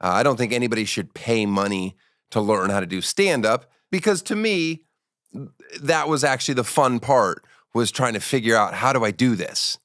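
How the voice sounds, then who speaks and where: A man's voice: medium pitch, animated, normal speed, a bit bright, no echo, studio quality. A man in his forties hosting a podcast, telling stories in a rambling, profane, joking way. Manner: rambling, profane storytelling with restarts. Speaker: podcast host. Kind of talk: casual comedic chat.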